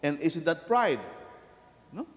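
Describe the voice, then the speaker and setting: A man, a Catholic priest, giving a lively, conversational sermon, putting many questions to the congregation. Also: a little high, slow. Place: large church. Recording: echoey church hall from a distance.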